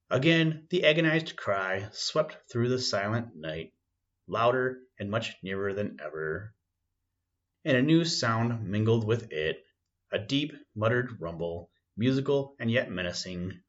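A man narrating a first-person story in a measured, dramatic reading, on a dull lo-fi recording. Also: lowish voice. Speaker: audiobook narrator.

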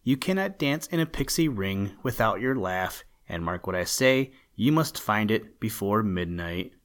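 A man voicing an old, white-haired male pixie fiddler in a storybook, speaking slowly and solemnly. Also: on the low side, expressive. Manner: slow, solemn.

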